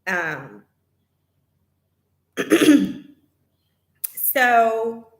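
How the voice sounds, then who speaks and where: A woman vlogger talking casually to her viewers, retelling a complaint with animated indignation. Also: fairly high pitch, extremely slow, reverberant. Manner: animated, indignant retelling, reads chat aloud.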